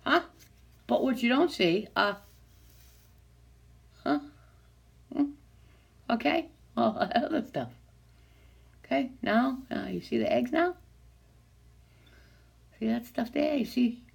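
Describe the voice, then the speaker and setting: A woman's voice: fairly high pitch, animated, takes it slowly, vocal fry, long pauses, breathy edge. A woman filming herself and talking to unseen doubters in an agitated, sarcastic way, dropping to whispers and then rising to angry outbursts. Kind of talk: rambling self-recorded monologue.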